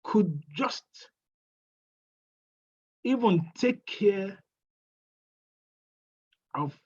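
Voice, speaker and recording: A woman's voice: mid-range voice, expressive, darkish tone, husky. A woman pastor preaching a funeral sermon, asking rhetorical questions and answering them herself. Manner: slow, deliberate preaching. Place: church. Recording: dull lo-fi church recording.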